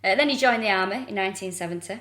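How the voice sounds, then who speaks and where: A woman's voice: medium pitch, rapid-fire, a bit bright. A woman co-hosting a comedy podcast, chatting in a playful, self-mocking way. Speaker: podcast co-host. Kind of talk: casual comedic chat. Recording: roomy echo.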